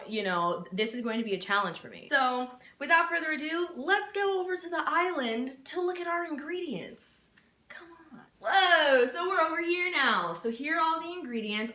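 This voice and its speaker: A woman's voice: high voice, lively intonation, normal speed, few pauses, bright, forceful tone, reverberant. A woman, chatting playfully in a casual cooking vlog, with dramatic bursts of mock panic. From Texas. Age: 20s. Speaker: vlogger. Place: home kitchen.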